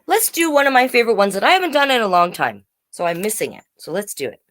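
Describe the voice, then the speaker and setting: A woman reading picture books aloud to children, with chatty, animated asides to the viewers. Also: mid-range voice, fast, slight background noise. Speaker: storytime reader.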